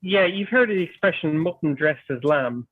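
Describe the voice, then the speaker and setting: A man's voice: fairly high pitch, expressive, moderate pace, no echo. A man hosting a livestream, chatting playfully and tripping over his words as he talks. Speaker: livestream host. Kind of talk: casual chat. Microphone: online call. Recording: tinny phone-like line.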